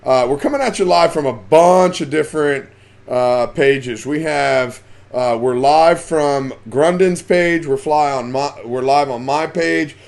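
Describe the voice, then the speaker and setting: A man's voice: fairly high pitch, a little slow, gravelly, a little mellow. A man hosting a casual live stream about fishing, chatting and reading out the names of viewers as they join.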